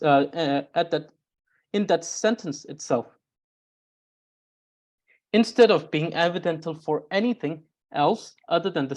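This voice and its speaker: Here a woman gives a Tibetan grammar lesson with careful explanation, regularly restating and rewording what she says and stopping often. She speaks in a lowish, slightly mellow voice.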